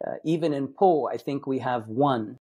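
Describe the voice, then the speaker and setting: A man's voice: medium pitch, moderate pace, a little mellow, slightly rough. A man from Massachusetts, a guest on a podcast, telling stories in a rambling, self-correcting way. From Massachusetts, United States. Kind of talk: casual interview chat.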